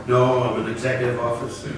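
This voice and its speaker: A man voicing an exasperated young man held at gunpoint, speaking in high, incredulous outbursts. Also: monotone, fast, a little hiss or hum, lightly acted. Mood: defensive. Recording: echoey hall, from far off.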